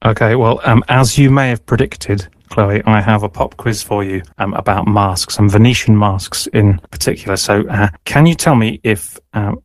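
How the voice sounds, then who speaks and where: A man's voice: fairly low pitch, moderate pace, few pauses, no room sound. A man hosting a radio show, chatting casually with a guest and running a playful quiz, with lots of fillers and hedges.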